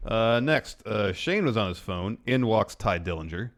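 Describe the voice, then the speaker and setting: Male podcast co-host, very deep voice, steady recap delivery, casual. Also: unhurried. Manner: matter-of-fact, recaps events in order. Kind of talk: casual wrestling review chat.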